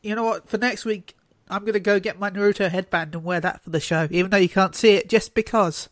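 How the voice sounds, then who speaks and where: A man's voice: high voice, steady tone, fast talker, fairly bright tone, no room sound. A man hosting a casual podcast chat, rambling and joking loosely. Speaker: podcast host.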